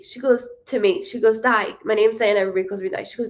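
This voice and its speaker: A woman giving a live psychic reading. She speaks haltingly, with frequent ums and self-corrections, and apologizes to her viewers and reassures them. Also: mid-range voice, fairly even intonation. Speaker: psychic medium. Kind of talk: live-streamed spirit reading.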